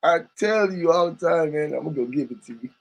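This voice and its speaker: A man's voice: on the high side, expressive, quick pace, creaky. A young man streaming live, rambling and joking crudely, often laughing between lines. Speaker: livestreamer. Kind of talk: casual livestream banter.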